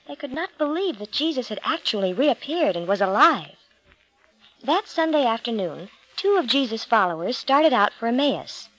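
A woman reading a storybook aloud. Her voice sits a bit high, and her reading is clear and expressive. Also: low-quality recording. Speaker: narrator.

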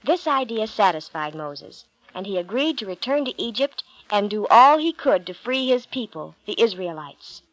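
A woman reading a Bible story aloud, calm and clear in her storytelling. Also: mid-range voice, normal speed, few pauses, dry recording, rough recording.

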